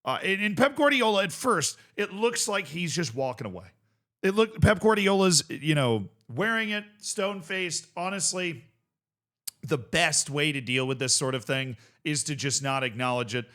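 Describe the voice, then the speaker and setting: A young man hosts a casual reaction show and talks in a bright, forceful voice that sits a little high. He rambles in an animated way, swears freely and breaks into laughter. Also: moderate pace. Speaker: host. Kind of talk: casual commentary reacting to a video.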